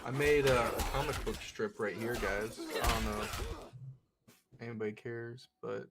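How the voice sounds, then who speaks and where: A man's voice: medium pitch, steady tone, moderate pace, very noisy. A man chatting casually on a live game stream, rambling and crude with a joking tone.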